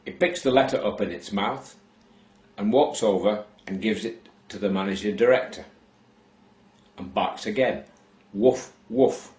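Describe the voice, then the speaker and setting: A man slowly telling a shaggy-dog joke, unhurried and deadpan with long pauses. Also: on the low side, roomy sound. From England. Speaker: joke teller.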